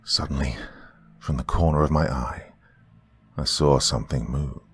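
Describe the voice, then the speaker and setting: A man hosting a horror podcast, narrating a first-person horror story in a slow, brooding way. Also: a bass voice, steady tone, breathy edge.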